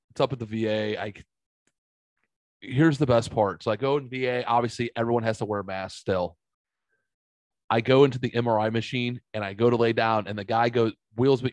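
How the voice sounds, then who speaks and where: A man's voice: mid-range voice, no room sound. Guy hosting a podcast, rambly and swears a lot, mid voice, dry mic. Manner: rambling, swears freely, many fillers. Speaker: podcast host. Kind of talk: casual storytelling chat.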